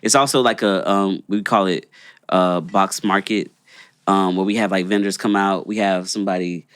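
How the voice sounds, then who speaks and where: Chill young guy on a podcast, lowish voice, dry close sound, lots of ums and likes. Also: steady tone, moderate pace, a bit bright, clear, resonant tone, dry recording. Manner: laid-back, rambling with many fillers. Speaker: podcast co-host. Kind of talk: casual chat.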